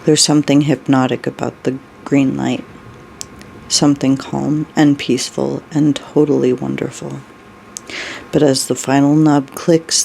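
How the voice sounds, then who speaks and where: A storyteller reading a dark story aloud, unhurried, with brief personal asides. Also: mid-range voice, creaky, slight background noise, rough recording.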